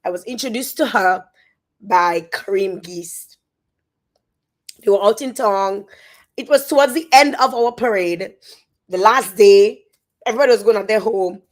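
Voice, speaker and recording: Dominican lady doing an emotional phone live, stops and restarts, repeats herself. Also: mid-range voice. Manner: halting, repeats words while trying to stay composed. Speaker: social media influencer. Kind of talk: emotional live-stream monologue. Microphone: phone on a live stream.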